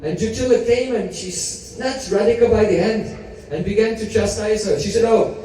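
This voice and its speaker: A man preaching by retelling a sacred story, pausing to quiz his listeners. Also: high voice. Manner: animated storyteller, quizzes audience. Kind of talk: storytelling sermon. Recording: echoey hall, mic at a distance.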